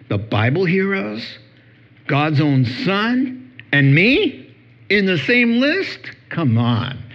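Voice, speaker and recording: A middle-aged pastor preaching to a congregation, lively and humorous in a conversational way. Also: male voice, fairly high pitch, husky, muffled recording. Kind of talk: sermon. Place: church hall before a congregation.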